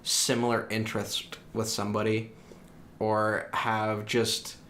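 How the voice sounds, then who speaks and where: A young man co-hosts a podcast, talking things through in long, winding, thoughtful sentences. His voice sits somewhat low. Faint noise hums underneath. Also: monotone, takes it slowly, fairly bright tone. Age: young adult. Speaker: podcast co-host. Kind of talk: casual reflective chat.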